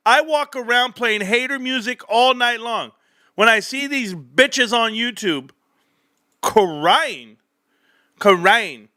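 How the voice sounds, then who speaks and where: Man streamer, bright voice, crude jokes and bragging, dry close mic. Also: sits high, no echo. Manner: joking, crude, boastful banter. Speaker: stock market streamer. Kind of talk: casual rambling livestream chat. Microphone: desk microphone.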